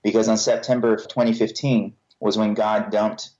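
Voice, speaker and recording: A man's voice: lowish voice, flat delivery, normal speed, darkish tone, highs cut off. A male podcast guest giving a frank, earnest personal testimony with a self-deprecating edge.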